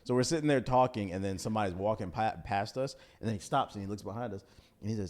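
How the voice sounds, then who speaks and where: A man from Washington, D.C. co-hosting a live show, talking quickly in a slightly low voice. He tells stories in a loose, animated way, full of slang and asides to the chat. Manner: fast, animated storytelling with slang. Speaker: co-host. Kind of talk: casual chat.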